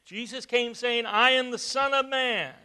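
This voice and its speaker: Male preacher, high, very bright tone, emphatic sermon delivery. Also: a little slow, smooth. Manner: emphatic, rising to loud stresses, repeats words.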